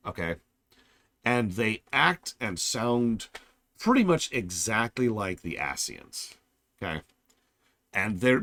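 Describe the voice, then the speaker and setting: A man's voice: fairly low pitch, fairly bright tone, no room sound. A man giving casual stream commentary as a game reviewer, blunt and sarcastic, acting out scenes with theatrical flair.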